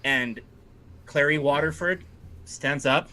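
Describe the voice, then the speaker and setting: Man, game master, casual rambling narration, tabletop game, bright voice. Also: on the high side, slow. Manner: casual, rambling, many fillers.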